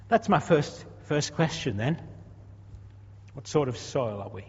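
A man's voice: mid-range voice, expressive, unhurried, breathy edge. A man in his sixties preaching a sermon in a conversational way, asking rhetorical questions and repeating words as he goes. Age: 60s. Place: church. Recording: dull echoey hall recording.

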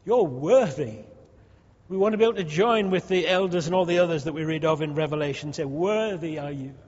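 A man's voice: on the high side, brisk, a little mellow. A man, a pastor leading his church in fervent prayer with repeated, rising pleas. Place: church hall. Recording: dull sound with long hall reverb.

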